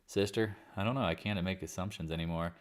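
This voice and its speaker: A man's voice: low-pitched, fast. A man hosting a casual live market chat, talking in a blunt, rambling and exasperated way. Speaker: market commentary host.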